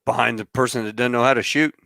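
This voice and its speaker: Male podcast host, gravelly and bright, easygoing joker, dry close sound. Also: medium pitch, fairly even intonation, quick pace, dry recording. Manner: easygoing, joking, brief affirmations. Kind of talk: casual interview chat.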